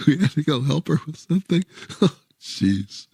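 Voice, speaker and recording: A former show host, a man with a slightly high, breathy voice and lively intonation, chats casually and tells jokes at an unhurried pace. He laughs often and acts out the voices in his stories. The recording is dry and studio quality.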